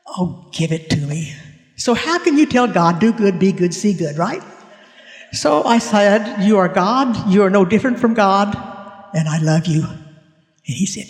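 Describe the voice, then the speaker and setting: A man's voice: high voice, animated, a little slow. A man giving a spiritual talk at a conference, telling a personal story and acting out the dialogue with animation. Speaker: conference speaker. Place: conference hall. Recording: echoey hall reverb.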